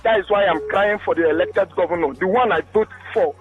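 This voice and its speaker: In a rich voice note: a high-pitched Nigerian man cries out his grievances down a muffled phone line, pleading and emotional. He keeps appealing to the host as his beloved brother. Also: brisk, faint music behind. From Rivers State, Nigeria. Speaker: caller. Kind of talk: call-in radio commentary. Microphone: phone call into a radio studio.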